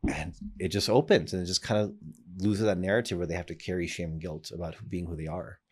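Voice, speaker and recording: A man's voice: low-pitched, steady tone, quick pace, darkish tone, husky. A man talking as a podcast guest in an earnest, reflective way, often restarting his sentences. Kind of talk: casual conversation.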